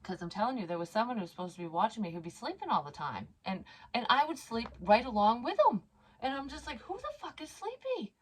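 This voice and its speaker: A woman's voice: medium pitch, lively intonation, fast talker, breathy edge. A woman telling a personal story in a casual, rambling way, blunt and full of swearing and asides. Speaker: psychic medium vlogger.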